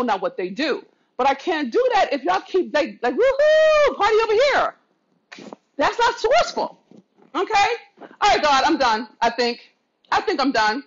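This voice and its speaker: High-pitched woman on a fired-up rant, preachy and cursing, slightly dull lo-fi sound. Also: a bit bright. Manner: fiery, preachy, swears, says she loves her viewers. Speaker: vlogger. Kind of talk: impassioned rant to camera. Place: not at home.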